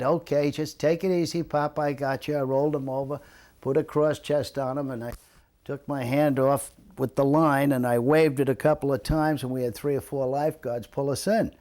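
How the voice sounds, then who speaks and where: An older man recalls his days as a lifeguard in a relaxed, conversational way. He slips into other people's voices as he tells his stories, and his voice sits at an ordinary middle pitch. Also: normal speed, gravelly. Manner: animated storyteller, acts out quoted voices. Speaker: retired lifeguard interviewee. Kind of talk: storytelling reminiscence.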